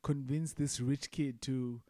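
A man's voice: mid-range voice, steady tone, takes it slowly, a little mellow, no room sound, clean studio sound. A man co-hosting a podcast in casual chat, laid-back and rambling, swearing freely. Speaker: podcast co-host.

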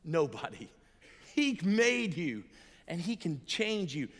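A fairly high-voiced American preacher, middle-aged, delivering an earnest sermon to a gathered crowd. He shifts from quiet, intimate lines to emphatic bursts and laughs through his storytelling. His voice rings out with a long reverb from the big hall. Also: sing-song, slow pace, slightly rough. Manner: earnest, emphatic, swings between soft and loud, chuckles as he tells stories. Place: large hall before an audience.

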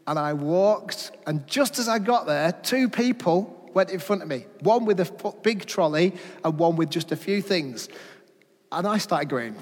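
A middle-aged preacher with a notably high voice works through a sermon with rhetorical questions and everyday stories. He drops his volume at the key lines. His voice rings with the long reverb of a church hall. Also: animated, unhurried.

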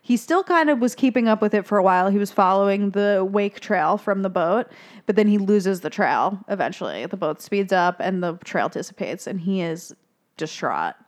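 A woman's voice: medium pitch, moderate pace. A woman co-hosting a podcast, chatting casually as she recaps a film, swearing freely and briefly acting out characters' lines. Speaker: podcast co-host.

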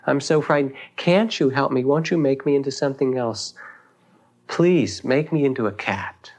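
A man's voice: medium pitch, brisk, darkish tone, lightly acted. Man doing a timid mouse, pleading, anxious, storybook telling. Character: timid frightened little mouse begging a wizard.

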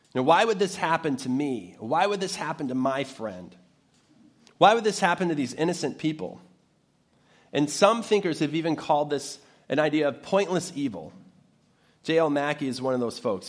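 A man preaching an Easter sermon, reading a scripture passage aloud and then explaining it in plain terms. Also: on the high side. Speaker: pastor.

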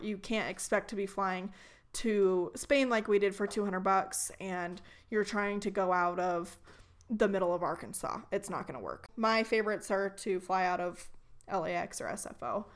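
A young woman co-hosting a relaxed conversation about a trip she planned. She tells her stories in an animated way and plays up mock outrage for laughs. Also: mid-range voice, normal speed. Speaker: podcast co-host. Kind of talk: casual chat.

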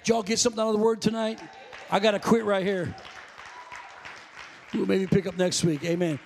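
High-voiced preacher in a reverberant hall. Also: male voice, steady tone, fairly quick, vocal fry, a little mellow, some chatter behind, slight background noise. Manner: conversational, rambling storytelling with self-corrections; calls out to congregation. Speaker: pastor. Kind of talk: sermon. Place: church.

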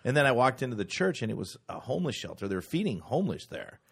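A man on a podcast, telling a profane story in a casual, animated way. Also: mid-range voice, fast talker, gravelly, breathy edge. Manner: profane, animated anecdote telling with mimicked quotes. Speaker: actor and podcast co-host.

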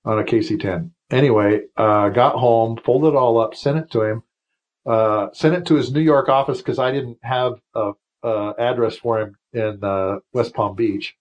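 A man's voice: mid-range voice, moderate pace, muffled recording. A man in his fifties, a retired Air Force officer, telling long emotional stories as a podcast guest, with restarts and asides. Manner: rambling, emotional anecdotes with many restarts. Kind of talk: storytelling in a casual interview.

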